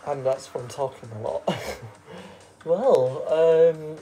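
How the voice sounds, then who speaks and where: Hoarse, rambling fan-show host. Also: medium pitch, slow, pauses often, dark tone, faint music behind, low-quality recording. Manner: chatty, rambling, self-correcting. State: hoarse, sore throat. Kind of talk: fan-made reality show hosting.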